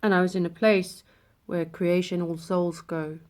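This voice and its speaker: A woman vlogger telling a personal spiritual experience, in an emotional way with hushed passages. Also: on the low side, little pitch movement, a little slow.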